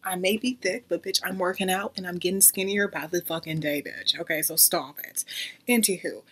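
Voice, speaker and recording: A woman's voice: fairly low pitch, fairly even intonation, moderate pace, a bit bright. Brash, profane young woman telling a story. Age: 20s. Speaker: YouTuber. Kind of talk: casual storytime rant.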